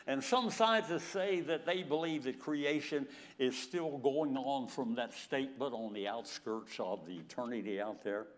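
An elderly man in his nineties delivers a sermon with a pitch that swoops up and down. He tells stories, chuckles between lines and acts out scripture scenes. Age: 90s. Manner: storytelling, chuckles often, dramatizes scripture. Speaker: preacher.

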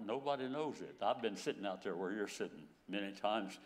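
An elderly man in his nineties delivers a sermon with a pitch that swoops up and down. He tells stories, chuckles between lines and acts out scripture scenes. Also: expressive, fairly quick. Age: 90s. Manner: storytelling, chuckles often, dramatizes scripture. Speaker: preacher.

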